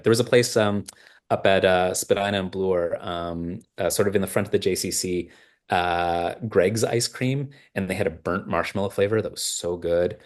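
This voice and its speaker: A man from Canada, a film writer and director, chatting in an interview and telling stories with many fillers and restarts. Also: low-pitched. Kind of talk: casual interview chat.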